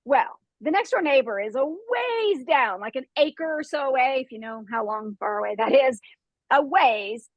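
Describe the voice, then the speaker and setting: Woman, high voice, dry close sound, lively storyteller, laughs a lot, host. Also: moderate pace, no room sound, lo-fi sound. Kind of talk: animated storytelling in a group chat.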